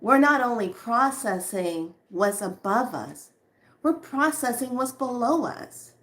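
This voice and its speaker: A woman giving a casual spiritual talk to viewers, chatty and animated, often laughing and slowing to a soft hush on calming lines. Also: fairly high pitch. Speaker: spiritual teacher.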